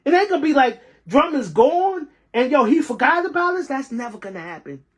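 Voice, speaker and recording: High-pitched, heated transit worker rant. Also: very animated, a little fast. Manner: heated, repeats phrases for emphasis. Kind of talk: impassioned ranting monologue.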